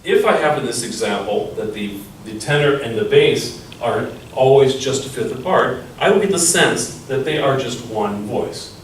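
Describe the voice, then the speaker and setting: A man giving a music theory lesson, explaining step by step in a measured way and thinking aloud as he goes. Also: medium pitch, lively intonation, slight background noise. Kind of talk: instructional lesson with piano demonstrations. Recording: roomy echo, far from the mic, piano playing. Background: piano.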